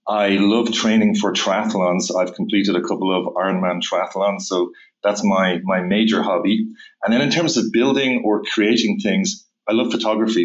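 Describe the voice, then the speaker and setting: A middle-aged man with a Dublin Irish accent, chatting casually as an interview guest, laughing easily and stumbling over restarts. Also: on the low side. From Ireland. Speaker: guest, tech executive. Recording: dull lo-fi remote audio.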